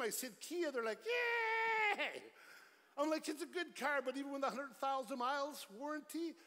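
A middle-aged man giving a lively, joking evangelistic sermon at a church concert, swinging from loud storytelling to hushed pleading. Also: extremely high pitch. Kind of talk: energetic evangelistic sermon with jokes. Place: large church concert hall. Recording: live church hall with long reverb.

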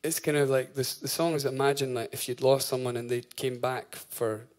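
A man's voice: medium pitch, steady tone, moderate pace. A man in his thirties fronting a band on stage, telling a rambling, swear-laced story between songs with lots of fillers and laughs. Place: live concert venue.

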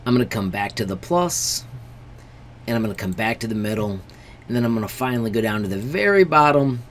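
This man, a teacher, talks fairly quickly in a fairly low voice as he works through a screen-recorded tutorial step by step. His tone is friendly, he underlines warnings, and "friends" comes up again and again. There's slight hiss or hum.

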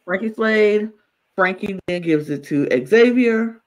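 A man co-hosting a podcast in casual chat, talking in an animated way and acting out other people's words. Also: slow, low-quality recording. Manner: animated, acts out quotes in high exaggerated voices. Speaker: podcast co-host.

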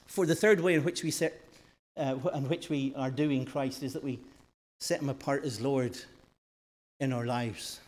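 A man preaching a sermon in a church, rising loud for emphasis and dropping soft and slow. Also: medium pitch, fairly even intonation. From northern Ireland.

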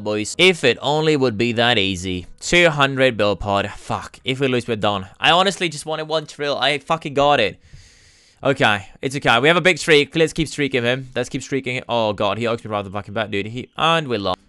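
A man giving excited commentary on his own gambling gameplay, cursing freely and swinging between cheering and groaning. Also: mid-range voice, normal speed, smooth, no echo. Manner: hyped, swears a lot, swings from yelling to groaning. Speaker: gaming YouTuber.

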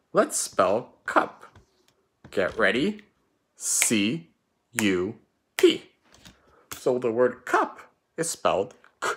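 Slow, lively-voiced male teacher. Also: medium pitch. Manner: slow, drawn-out letter-by-letter dictation. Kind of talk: online spelling lesson.

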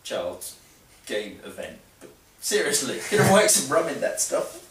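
A man's voice: mid-range voice, very animated, unhurried, background noise. A man with an English accent chatting casually in a jokey, ranting way about a card game event. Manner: jokey, ranting, puts on mock voices. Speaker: card game team vlogger. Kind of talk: casual chat. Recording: roomy, distant mic.

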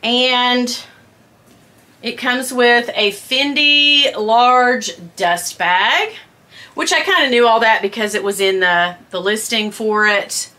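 A woman chatting casually to camera at home, gushing and squealing with excitement as she unboxes a handbag. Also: a little high, slow pace.

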